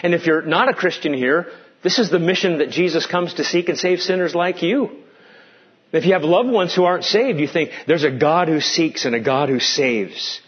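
Husky earnest preacher, man. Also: a little high, lo-fi sound. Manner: earnest preaching, stretching key words slowly. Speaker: pastor. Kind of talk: sermon.

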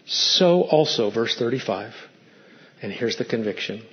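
A man's voice: mid-range voice, expressive, unhurried, dull audio. A man preaching a sermon as pastor, emphatic and fond of stacked rhetorical questions.

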